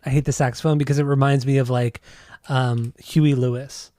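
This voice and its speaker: A man's voice: mid-range voice, little pitch movement, normal speed, dark tone, dry recording. A man co-hosting a casual music podcast, rambling through his thoughts with lots of fillers. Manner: rambling, filler-heavy, laughs easily. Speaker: podcast co-host.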